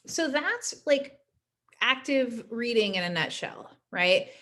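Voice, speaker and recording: A woman's voice: a little high, fairly bright tone. A woman teaching a class in a casual recorded lecture, chatty and often adding "right?" to check in with her students. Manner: chatty, frequent "right?" tags.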